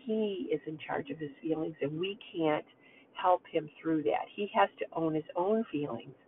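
A woman's voice: deep voice, normal speed. Older woman host, earnest storyteller addressing moms, tinny phone-like audio with a little hiss. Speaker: host speaking to mothers. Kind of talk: heartfelt talk with a personal story. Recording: tinny phone-like sound with faint noise.

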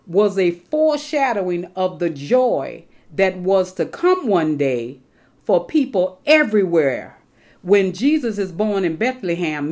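A middle-aged woman preaching a sermon, reading scripture slowly and with emphasis as she explains it to her congregation. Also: mid-range voice, darkish tone.

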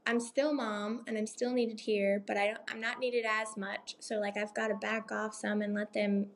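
A woman's voice: medium pitch, little pitch movement, moderate pace, a little hiss or hum. A woman in her thirties chatting casually about motherhood, rambling with lots of fillers and tag questions. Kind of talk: casual chat.

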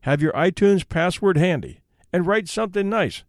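A man hosting a story podcast, reading a classic tale aloud with expressive narration. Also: high voice, normal speed, no room sound, studio quality.

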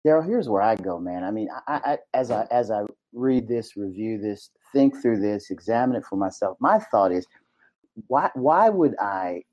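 A man's voice: fairly low pitch, lively intonation, a little mellow. A man co-hosting a Christian commentary podcast, reflective, restarting his sentences as he thinks aloud. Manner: halting, many restarts, reflective. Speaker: podcast co-host.

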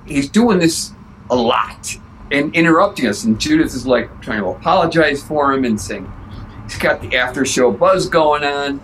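An older man casually telling a lively backstage anecdote, swearing freely. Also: on the high side, moderate pace, slight background noise, low-quality recording. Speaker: guest storyteller.

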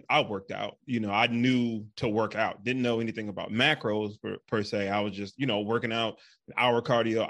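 A man's voice: fairly low pitch, gravelly, a bit bright. A man hosting a fitness podcast, chatting casually and rambling with many fillers and restarts. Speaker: podcast host. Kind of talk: casual interview chat.

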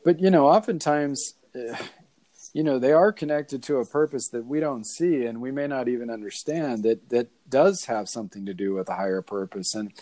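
A man's voice: mid-range voice, normal speed, mellow. A man hosting a casual conversation, musing thoughtfully and rambling, with many "you know"s.

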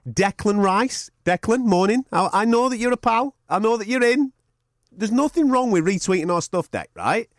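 A man's voice: high voice, normal speed, dry recording, studio quality. A man co-hosting a podcast, teasing and joking in casual banter. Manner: teasing, animated, jokey. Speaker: podcast co-host.

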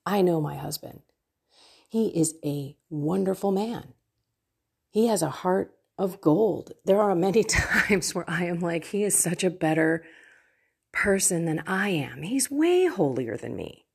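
Slow, gravelly-voiced woman sharing her faith. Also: fairly low pitch, animated, a little mellow. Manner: earnest, heartfelt, prayerful. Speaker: faith coach and vlogger. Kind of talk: personal faith talk to camera.

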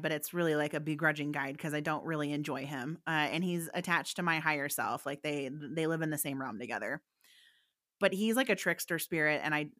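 A woman with a fairly low but bright, forward voice tells a story in an easy, chatty way. She leans on fillers and acts out the lines of the people in it. The sound is dry and close, with no room around it. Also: no echo. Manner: animated, fillers, quotes voices in her stories. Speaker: guest psychic medium. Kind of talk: conversational storytelling.

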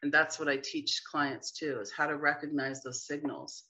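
A chatty woman speaking as a guest healer, her bright voice carrying easily through the talk. She often slips into little quoted voices to make a point. The recording sounds slightly dull and lo-fi. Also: low-pitched, little pitch movement, moderate pace. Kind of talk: casual interview chat.

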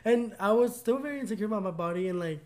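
A young man with a high-pitched, expressive voice talks fast as he co-hosts a podcast. He's sharing a personal story in casual conversation, sounding earnest and gushing, and he leans heavily on "like" as a filler.

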